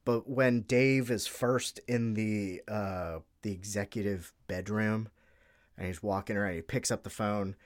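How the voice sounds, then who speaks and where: Unhurried and steady, a man with a lowish voice chats about politics as a guest on a podcast. His talk is casual and meandering, full of jokes, and now and then he loses track of his point.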